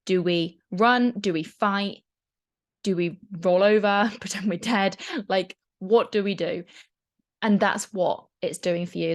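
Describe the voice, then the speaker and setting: Chatty, frank young woman coach. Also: lowish voice. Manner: chatty and frank, swears casually. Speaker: mindset coach. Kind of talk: casual teaching talk.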